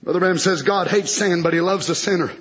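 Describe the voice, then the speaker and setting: A man preaching a fiery sermon, jumping between loud shouting and hushed near-whispers. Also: high-pitched, quick pace, muffled recording. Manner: swings from shouting to hushed, plays God's voice in quotes.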